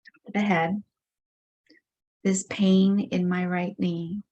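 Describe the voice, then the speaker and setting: Slow, low-voiced woman leading tapping. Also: level tone, mellow, lo-fi sound. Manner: slow, measured affirmations voicing frustration. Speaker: EFT tapping practitioner. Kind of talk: guided tapping script, slow repeated phrases.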